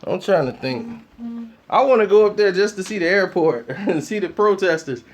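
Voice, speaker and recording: High-pitched dude ranting on his vlog, slangy, laughing a lot. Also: expressive, moderate pace. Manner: slangy, laughs often, storytelling. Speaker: vlogger. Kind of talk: casual comedic rant to camera.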